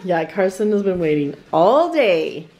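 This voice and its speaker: A woman's voice: lowish voice, very animated, a little slow, a little mellow, rough recording. A woman hosting a family vlog, chatting and laughing as she cooks dinner at home. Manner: chatty, giggly, narrates cooking to camera. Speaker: vlog host and mother. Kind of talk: casual family vlog chat. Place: home kitchen. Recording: home recording with background noise.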